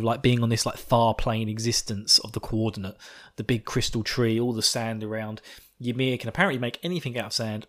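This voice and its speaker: A man hosting a podcast, recapping an episode in a rambling, giggly way full of swearing, buzzing on coffee. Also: medium pitch. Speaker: podcast host.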